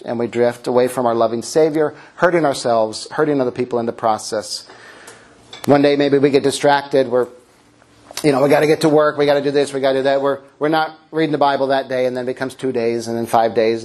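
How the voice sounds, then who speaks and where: A middle-aged man preaching a sermon, telling stories with self-mocking humor and animated delivery. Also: brisk. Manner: animated, swings into high character voices. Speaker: pastor.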